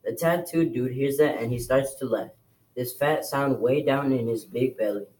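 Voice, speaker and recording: A man with a mid-pitched voice reads a novel aloud for a class. He narrates in a steady, plain manner, without flourishes. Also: normal speed, rough recording. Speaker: reader.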